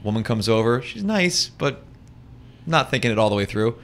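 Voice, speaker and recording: Florida guy on a chat show, telling a story, mid pitch, jumps in with asides. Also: sing-song, normal speed, a bit bright. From Florida, USA. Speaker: co-host. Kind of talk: casual chat.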